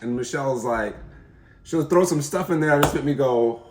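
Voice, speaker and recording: A man in a casual couple's conversation, animated and laughing as he acts out quotes. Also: mid-range voice, moderate pace, echoey room, background noise. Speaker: co-host.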